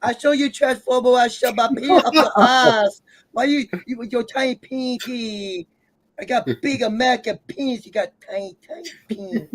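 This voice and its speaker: A man's voice: very high voice, normal speed, pitched above the performer's own voice, poor audio. A man putting on a crude, boastful male wrestler with exaggerated broken English. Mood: mocking.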